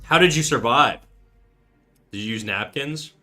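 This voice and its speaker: A man in his thirties hosts a drawing livestream, chatting casually and profanely as he reads the chat aloud. His mid-range voice is bright and forceful, with lively intonation and an unhurried pace.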